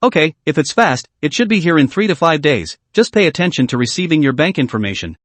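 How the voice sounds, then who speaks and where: A man's voice: a little high, big pitch swings, fast talker, a bit bright, no echo. A man voicing a stern male police captain who speaks in a formal, official manner. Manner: formal, ceremonious speech.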